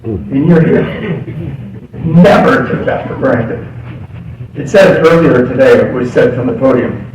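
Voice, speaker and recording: A man's voice: medium pitch, animated, measured pace, pauses often, darkish tone. A middle-aged man speaking at a recovery meeting, telling his story in a confiding way and laughing often. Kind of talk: recovery story told from a podium. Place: meeting hall. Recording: echoey hall, distant mic, background noise.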